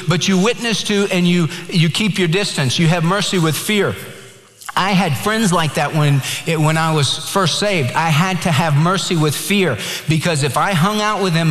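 A man's voice: a little high, a bit bright. Preaching man in an echoey hall. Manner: earnest preaching, tells jokes and quotes scripture. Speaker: pastor. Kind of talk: sermon. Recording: echoey hall with long reverb.

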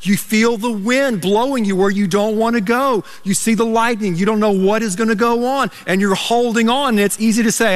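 A pastor preaching a sermon, telling stories with animated, emphatic delivery. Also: male voice, sits high, moderate pace, hardly any pauses. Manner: animated storytelling, rising to emphatic peaks. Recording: reverberant church hall.

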